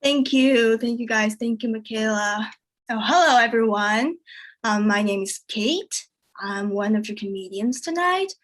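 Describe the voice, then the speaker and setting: A woman whose first language is Chinese performs a stand-up comedy set, telling jokes deadpan and at an unhurried pace. When she quotes people, her voice jumps much higher.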